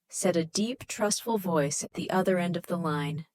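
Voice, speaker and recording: A woman narrating an audiobook in scripted, expressive storytelling. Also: lowish voice, normal speed.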